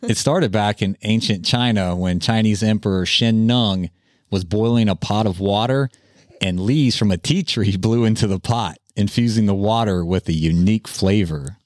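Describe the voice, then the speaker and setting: A man's voice: fairly low pitch, moderate pace, darkish tone, no room sound, studio quality. A man hosting a casual podcast chat, rambling along and tossing in random facts. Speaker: podcast host. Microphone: studio mic with headphones.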